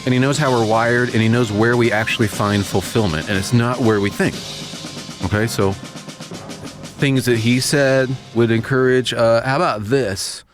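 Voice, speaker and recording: A man's voice: mid-range voice, steady tone, normal speed, music in the background. A man hosting a casual talk show, speaking in an earnest, rambling, self-deprecating way. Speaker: radio host. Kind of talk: casual chat.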